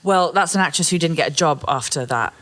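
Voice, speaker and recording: A woman co-hosting a comedy podcast, telling animated stories, swearing freely and acting out other people in exaggerated voices. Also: deep voice, a little fast. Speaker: podcast co-host. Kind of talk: casual comedic chat.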